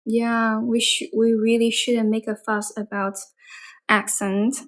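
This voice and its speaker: A woman from China with a Chinese accent, chatting casually in English on a livestream and thinking aloud with many soft fillers. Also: on the high side, level tone, takes it slowly. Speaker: livestream host. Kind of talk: casual English practice chat. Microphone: phone livestream.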